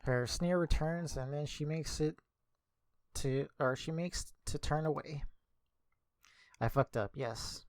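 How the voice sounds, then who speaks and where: A man's voice: fairly high pitch, slow pace, long pauses, no room sound. A young man streaming, reading a visual novel aloud casually, correcting his slips as he goes.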